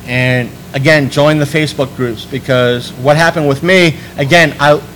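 A man hosting a podcast in casual chat, rambling and restarting his sentences, animated when he quotes people. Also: fairly high pitch, normal speed, a little hiss or hum, rough recording. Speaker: podcast host.

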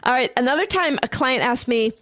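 A fairly high-voiced woman co-hosts a casual podcast chat, telling animated stories as a realtor. The sound is close and dry. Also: a little fast, no echo. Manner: animated, acts out quoted voices.

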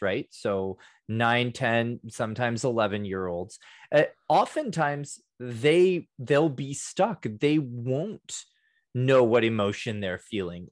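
Male podcast co-host, middle pitch, acts out quotes mid-story, dry recording. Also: dry recording. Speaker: works with fourth graders. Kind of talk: casual discussion.

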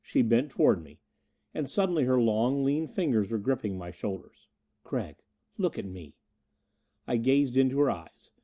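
A male narrator reads a first-person adventure tale in an earnest, dramatic way. His voice is mellow and warm in tone. His pitch rises and falls freely as he tells the story. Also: lively intonation, normal speed. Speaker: audiobook narrator.

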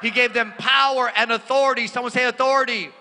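A man preaching a sermon and telling stories, animated, swinging from hushed asides to shouted declarations. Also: very high-pitched, quick pace, a little hiss or hum. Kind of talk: sermon with personal storytelling. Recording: long reverb of a large hall.

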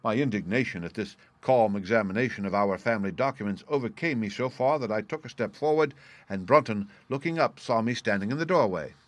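A man narrating a classic story in the first person, reading in a measured, formal way. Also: on the low side, no echo. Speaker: audiobook narrator.

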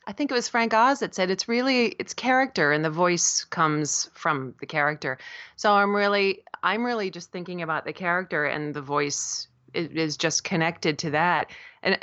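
A middle-aged woman from South Florida, a puppeteer and voice actor, telling stories as an animated interview guest. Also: medium pitch, no room sound, dull audio. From South Florida, USA. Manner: animated storyteller, laughs often, jumps into quoted voices. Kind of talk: casual interview chat.

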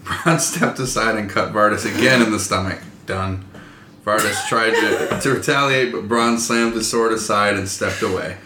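A man hosting a casual book discussion, reading plot summaries aloud in a relaxed, joking way. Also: on the low side, moderate pace. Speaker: podcast host. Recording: roomy with faint noise.

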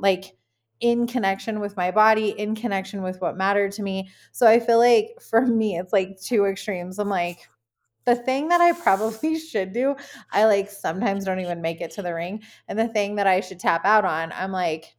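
A woman in her thirties co-hosting a podcast, chatting candidly with expressive, animated delivery and casual swearing. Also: mid-range voice. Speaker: podcast co-host.

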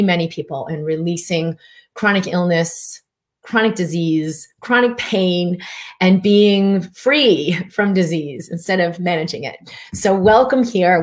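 Middle-aged woman doctor, low voice, chatty livestream host reading out viewer greetings. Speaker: physician hosting a live stream. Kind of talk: live-streamed wellness talk.

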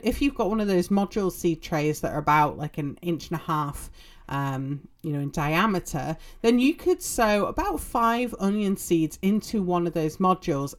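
A woman hosting a gardening podcast, explaining in a relaxed way with many ums and you-knows. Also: fairly low pitch. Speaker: podcast host. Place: home in a short-season area.

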